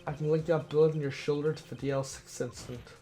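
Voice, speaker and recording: A man voicing a confident young male defense attorney who argues steadily and methodically, his voice a little hoarse. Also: a little high, fairly even intonation, quick pace, mellow, close to an everyday voice.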